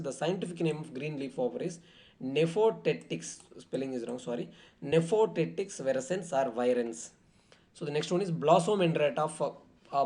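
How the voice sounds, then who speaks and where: A man's voice: on the high side, warm tone. A man going through exam questions in a lecture, with many fillers and frequent self-corrections. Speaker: exam tutor.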